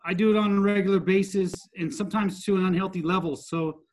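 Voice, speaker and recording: Man, somewhat high pitch, earnest, candid, casual swearing. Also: fairly even intonation, fast talker. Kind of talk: casual podcast chat.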